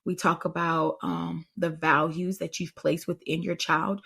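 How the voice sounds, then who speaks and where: Woman podcast host, gravelly kinda breathy voice, chatty storyteller. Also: lowish voice, level tone, measured pace, fairly bright tone. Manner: chatty storytelling, addresses listeners directly. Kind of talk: casual advice chat.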